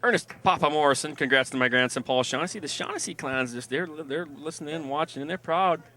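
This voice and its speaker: A man calling a football game online, eagerly reading out viewer emails and shout-outs. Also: on the high side, fairly quick. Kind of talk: live sports webcast commentary.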